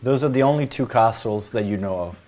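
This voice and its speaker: A man narrating as game master of a tabletop role-playing game, explaining in an unhurried way. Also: medium pitch, warm tone.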